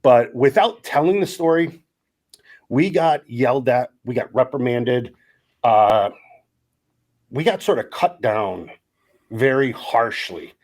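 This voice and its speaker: A man around fifty from Wisconsin, co-hosting a podcast and telling stories in a casual, animated way, acting out the dialogue as he goes. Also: mid-range voice, slow pace, pauses often. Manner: animated storyteller, acts out quoted dialogue. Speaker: podcast co-host, former college lineman. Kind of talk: casual storytelling chat.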